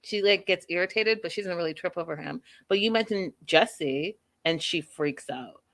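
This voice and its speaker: Woman host doing a casual tv recap, chatty and emphatic, gets real animated. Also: lowish voice, moderate pace. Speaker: podcast host.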